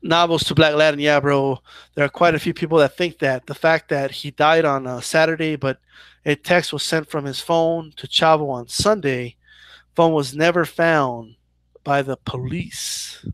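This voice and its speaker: A man's voice: on the high side, fairly even intonation, normal speed, a bit bright, clean tone, dry recording. A man hosting a casual live Q&A about boxing, chatty and loose, full of "like" and "right?" as he answers viewer questions. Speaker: boxing channel host.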